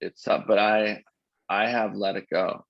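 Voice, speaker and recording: A man as a podcast guest, telling an animated anecdote in casual conversation, often restarting his sentences. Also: fairly low pitch, a little slow, creaky, no echo. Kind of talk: casual interview storytelling. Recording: dull lo-fi dry sound.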